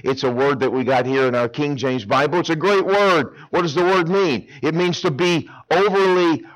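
A male preacher giving a sermon, telling a Bible story in an animated, folksy way with humor. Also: on the high side, moderate pace, poor audio.

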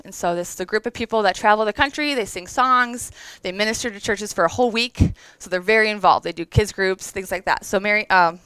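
A woman's voice: medium pitch, a bit bright, clean tone, dry recording, poor audio. A woman in her thirties giving a conversational, earnest devotional talk to an audience, emotional at times. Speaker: women's event speaker.

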